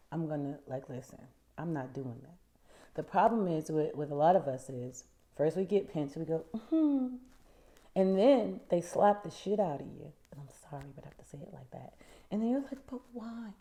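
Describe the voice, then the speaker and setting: Emphatic woman life coach, mellow voice. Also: low-pitched. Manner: preachy and emphatic, repeats key phrases. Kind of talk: motivational talk to camera.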